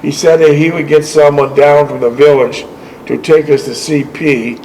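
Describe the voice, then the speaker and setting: A man's voice: a little high, level tone, a little mellow, a little hiss or hum, rough recording. A man hosting a show, reading a veteran's war memoir aloud with short asides, often stumbling and correcting himself. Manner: halting reading with frequent self-corrections.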